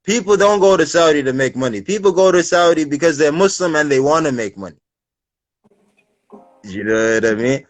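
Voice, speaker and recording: A man with English speech tinged with an American lilt, hosting a casual livestream chat and explaining things in an animated way with street slang, on a phone mic. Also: fairly high pitch, brisk, no echo, soft background music. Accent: English with a slight American lilt. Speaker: livestream host.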